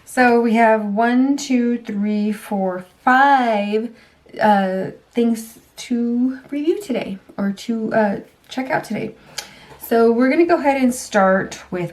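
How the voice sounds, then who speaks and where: A woman's voice: on the high side, takes it slowly, a little mellow. A woman vlogger chatting casually through a beauty box unboxing, full of asides and little laughs. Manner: chatty, self-deprecating, laughs easily; frequent ums and trailing asides.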